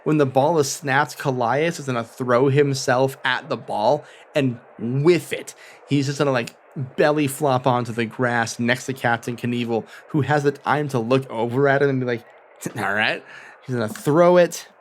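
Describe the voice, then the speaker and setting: A young man narrating as game master of a tabletop game, playful and animated, swearing freely. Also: medium pitch, moderate pace.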